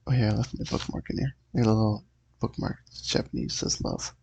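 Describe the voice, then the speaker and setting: Laid-back man with a gravelly voice. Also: on the low side, sing-song, quick pace, darkish tone, a little hiss or hum. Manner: laid-back, offhand asides. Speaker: host. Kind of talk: reading a comic aloud on camera.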